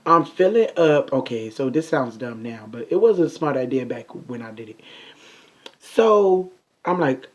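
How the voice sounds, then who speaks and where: A young man chatting through a storytime vlog at a middling pitch, animated and talking straight to his viewers. The audio is muffled and lo-fi, like a basic home setup. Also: a little slow. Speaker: vlogger.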